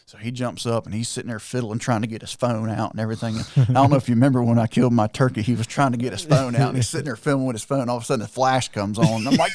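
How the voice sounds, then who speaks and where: A man telling a hunting story on a podcast, excited and animated, acting out what everyone said. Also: mid-range voice, dry recording, studio quality. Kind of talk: casual storytelling chat.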